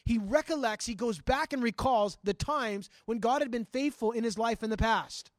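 A male pastor teaching a sermon in a conversational, animated way, acting out scripture and talking straight to his listeners. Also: extremely high pitch, moderate pace, no room sound, clean studio sound. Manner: frequent restarts and asides to listeners.

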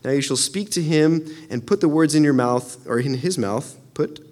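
Young male preacher, earnest and excitable, voice a little high, talks loosely with many restarts. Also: normal speed. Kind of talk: casual sermon.

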